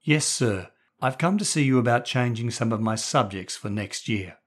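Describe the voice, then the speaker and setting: A man's voice: mid-range voice, lively intonation, normal speed, natural voice. A man voicing a nervous teenage schoolboy who stammers and pleads earnestly. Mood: nervous pleading.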